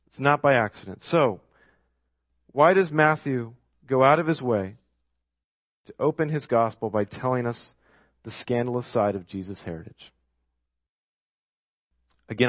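A man's voice: medium pitch, dry recording. Emphatic male preacher, dry close sound. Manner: emphatic, repeats key phrases for effect. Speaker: pastor. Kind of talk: sermon.

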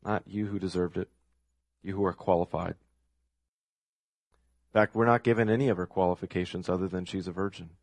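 A man's voice: deep voice, steady tone, brisk, long pauses, no echo. A man preaching a sermon, building points through emphatic repetition. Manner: emphatic, repeats key phrases for effect. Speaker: pastor.

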